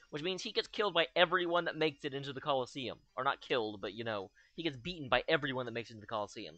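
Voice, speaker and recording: A man's voice: on the high side, pushed and bright, dry recording. A young man giving casual, joking commentary over his own gameplay, full of sarcastic asides. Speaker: let's play host.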